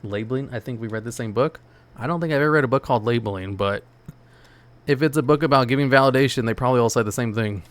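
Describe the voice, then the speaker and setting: This is a medium-pitched man talking at a quick pace as he plays on stream. He responds to viewers in a loose, rambling style peppered with "like" and "you know."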